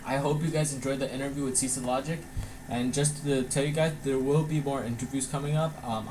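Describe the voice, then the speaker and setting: A man's voice: mid-range voice, background noise. A man hosting his own channel, giving a casual vlog outro with a few ums. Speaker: channel host.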